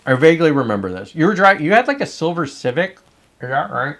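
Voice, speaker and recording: A man's voice: on the high side, big pitch swings, fast, a bit bright, a little hiss or hum. A man hosting a casual live stream, rambling and swearing as he reads chat comments aloud and reacts to them.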